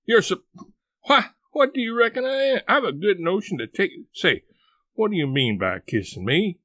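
A man's voice: on the high side, big pitch swings, moderate pace, fairly bright tone, dry recording, full character voice. A man voicing a fiery older Southern aunt, scolding and exclamatory, in a reading of a novel. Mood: indignant.

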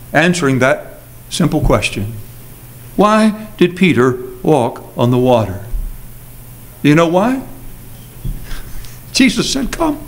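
A man preaching a sermon as a pastor, earnest, moving between quick asides and slow, emphatic phrases. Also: high-pitched, a bit bright. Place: church sanctuary.

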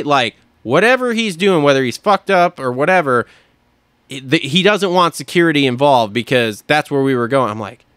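A man co-hosting a podcast, telling a long story in casual chat, animated and full of swearing, acting out what people said. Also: on the high side, no echo, studio quality. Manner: animated, swears a lot, acts out quotes. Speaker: podcast co-host.

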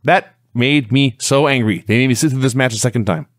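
A man's voice: mid-range voice, a little fast, no room sound, studio quality. A man co-hosting a wrestling podcast, recapping a match step by step in casual talk. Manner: steady storytelling recap. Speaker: podcast co-host.

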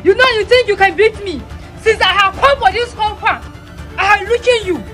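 A woman's voice: extremely high pitch, normal speed, a bit bright. A woman with a Nigerian accent playing a short, boastful woman who shows off pompous, mangled big English words. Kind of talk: comedy skit acting. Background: music.

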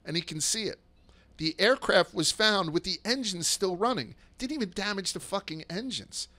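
A man hosting a podcast, telling stories in a casual, profane, excitable way that sometimes rushes and stumbles over his words. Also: high voice. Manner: rushes and restarts when excited. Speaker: podcast host. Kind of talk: casual storytelling chat.

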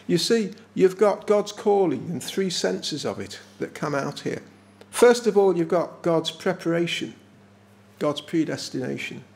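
A man with an English accent preaching a sermon in a small village chapel, emphatic and often slowing down to stress key words. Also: sits high, gravelly.

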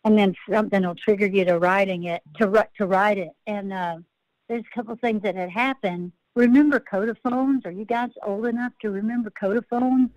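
A woman's voice: medium pitch, steady tone, a little fast, darkish tone, no room sound, poor audio. A woman country singer-songwriter, a podcast guest, telling rambling, self-interrupting stories and laughing at her own tales.

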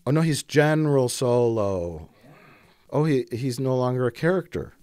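Lively, sarcastic man doing movie commentary. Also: mid-range voice, normal speed. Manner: sarcastic, jokey, reacts loudly to the screen. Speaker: film commentary host.

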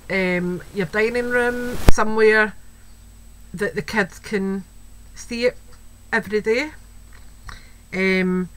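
A Scottish woman with a medium-pitched, sharp voice chats casually while showing off a crafting item at home for her video. Gushing, she peppers her talk with "wee"s and "um"s, as faint household noise and a child can be heard behind her on the poor audio.

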